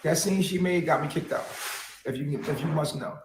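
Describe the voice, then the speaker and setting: A man vlogging live to his viewers, excitable and profane, with gasps and slang. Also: fairly high pitch, normal speed, noisy background. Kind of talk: casual live vlog, talking to viewers.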